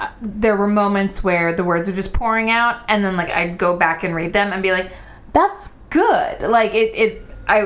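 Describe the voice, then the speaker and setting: A woman writer in casual chat, rambling playfully through her thoughts with frequent restarts. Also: medium pitch.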